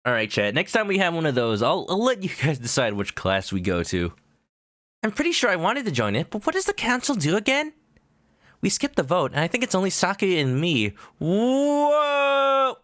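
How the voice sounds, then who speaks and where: A man's voice: a little high, wildly swooping pitch, fairly quick, a bit bright, dry recording, studio quality. A young man casually commenting on a game as he streams it, joking as he goes. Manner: playful, jokey.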